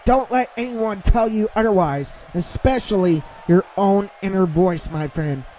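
A brash, trash-talking heel wrestler, as a man plays him for a wrestling game. He shouts his insults in a high, swooping voice and stretches out every taunt. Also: big pitch swings, slow, slight background noise, full character voice, rough recording. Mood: smooth. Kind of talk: role-play voicing a game character.

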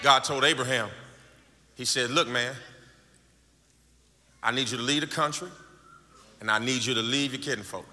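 A pastor preaching a sermon, swinging from shouts and half-sung lines to quiet, low stretches. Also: male voice, normal speed, long pauses. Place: church sanctuary. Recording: large echoing church hall with crowd noise.

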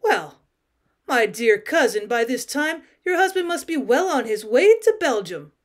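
A woman reading the part of a concerned male cousin, a calm office clerk who asks short questions. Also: on the high side, a little slow.

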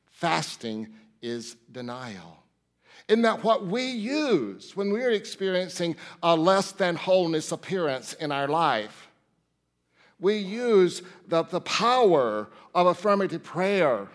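Emphatic higher-voiced male preacher. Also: a bit bright. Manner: emphatic preaching, repeats key phrases; addresses listeners directly, asks rhetorical questions. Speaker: minister. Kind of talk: sermon. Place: church sanctuary.

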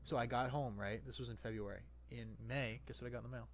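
A young man in casual podcast chat, telling a story in a rapid, animated way and swearing freely. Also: mid-range voice, a little hiss or hum. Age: young adult. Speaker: podcast co-host.

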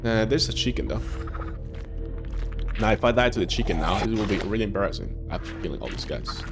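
A young man giving jokey, excitable commentary while playing a game, swearing and reacting loudly. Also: on the low side, a little fast. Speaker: gaming streamer. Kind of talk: let's play commentary. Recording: music playing behind.

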